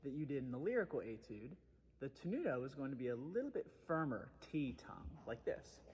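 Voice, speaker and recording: A man's voice: mid-range voice, very animated, fairly quick, a little mellow, long reverb tail, slight background noise. A man giving a methodical trombone lesson, explaining articulation step by step. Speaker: trombone teacher. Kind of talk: instructional music lesson.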